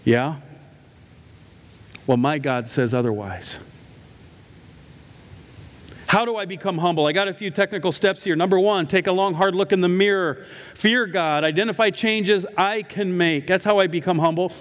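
A man's voice: sits high, normal speed, a bit bright. A middle-aged male pastor preaching a sermon, telling stories with emphatic, humorous asides. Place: church sanctuary. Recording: echoey church hall.

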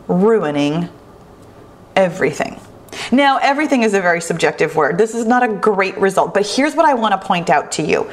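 A woman hosting a solo talk, speaking earnestly and reflectively, slow and deliberate with lively asides. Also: on the low side.

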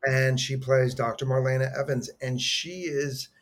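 A man's voice: medium pitch, steady tone, measured pace. Earnest middle-aged man telling a heartfelt story. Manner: earnest, heartfelt, rambling with restarts. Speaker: podcast guest, actor. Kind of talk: conversational storytelling.

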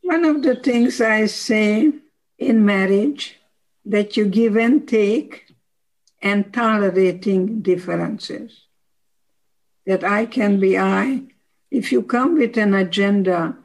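A woman in her nineties speaks slowly and deliberately, her voice gravelly with age. She gives firm, practical life advice in a conversational interview, pressing each point home. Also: medium pitch, a little mellow, poor audio. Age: 90s. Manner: slow, emphatic, wise advice-giving. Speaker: guest.

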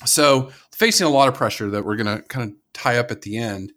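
An American man co-hosting a nature podcast in a loose, enthusiastic way. He rambles, restarts sentences and trails off as he explains things. His pitch sits in a middle range for a man. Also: brisk, pushed and bright. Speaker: podcast co-host. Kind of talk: casual conservation podcast chat.

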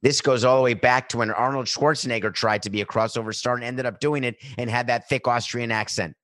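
A man's voice: mid-range voice, fairly even intonation, quick pace, a bit bright, no echo. A middle-aged man giving an emphatic, opinionated sports monologue, building his points through long repeated lists. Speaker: sports commentator.

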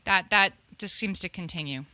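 Woman co-host. Crisp, bright voice, close dry mic, easygoing explainer. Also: mid-range voice, lively intonation, moderate pace, dry recording. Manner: chatty, laughing easily, explaining with restarts. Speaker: podcast co-host. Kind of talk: casual chat.

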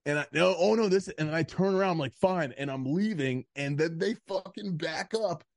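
A man's voice: a little high, fairly quick, creaky, no room sound, clean studio sound. A man co-hosting a podcast, telling a story in casual chat, rambling and swearing with lots of "like". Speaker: podcast co-host.

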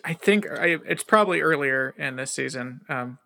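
A man co-hosts a podcast in casual, curious conversation. His voice is bright and crisp, with a strong gravelly fry. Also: medium pitch, moderate pace. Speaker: podcast co-host.

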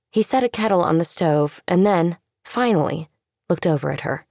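A woman narrating an audio drama in a steady, dramatic way. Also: fairly low pitch, normal speed, vocal fry, no echo, studio quality.

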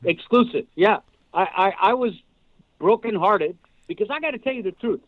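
Older guy on a phone line, higher voice, rambling storyteller, dry sound. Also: moderate pace, dry recording. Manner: rambling, animated storyteller with restarts. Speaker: guest actor. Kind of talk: casual podcast storytelling.

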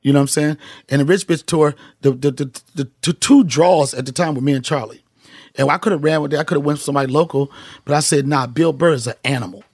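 A man's voice: a little high, quick pace, slightly rough, no room sound, clean studio sound. A middle-aged male comedian, telling emphatic, profane stories as a podcast guest. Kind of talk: casual podcast chat.

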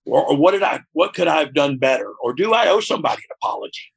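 A deeply gravelly man with a rough, husky edge speaks openly as an interview guest. He is frank and reflective, and he keeps checking in with the listener as he goes. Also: animated, very fast. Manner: frank and reflective, often asks "you know what I mean?". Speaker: interview guest, former wrestler. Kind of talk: candid conversational interview.

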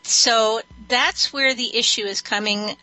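Woman, animal communicator, high bright voice, assured, matter-of-fact. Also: fairly even intonation, measured pace, no room sound, poor audio. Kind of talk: call-in radio consultation.

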